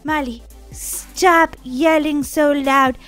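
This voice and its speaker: A woman's voice: high voice, fairly even intonation, slow pace, a bit bright, soft background music. A woman playing a sick sister in a family role-play game, whiny and pleading. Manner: whiny, pleading, fake sneezes. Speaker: role-player voicing Daisy.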